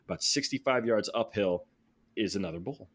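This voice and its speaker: A man tells a story on a podcast in a casual, animated way. He gets excited as he talks, laughs along, and often restarts his sentences. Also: fairly low pitch, normal speed, breathy edge. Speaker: podcast guest.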